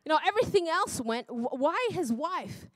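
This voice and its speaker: A woman preacher gives a sermon in a church, laughing often, breaking off mid-thought and exclaiming to herself. Her voice is high-pitched and sing-song at a normal speed, recorded with no echo.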